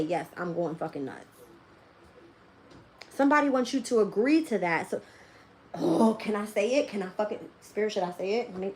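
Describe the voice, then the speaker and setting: A woman's voice: mid-range voice, darkish tone, a little hiss or hum. A woman tarot reader in a casual live-stream rant, blunt and profane, often laughing as she talks. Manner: laughs often while talking.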